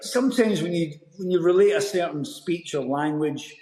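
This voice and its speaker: A Scottish man, an actor, telling a story in a casual interview, lively and full of restarts. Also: a little high, normal speed, a little hiss or hum. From Scotland. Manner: animated storyteller, many restarts. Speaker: actor guest. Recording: roomy echo.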